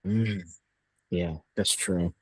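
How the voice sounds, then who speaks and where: A man's voice: deep voice, steady tone, extremely slow, husky, dry recording. A man hosting a casual interview, asking rambling questions with lots of fillers. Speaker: podcast host, interviewer.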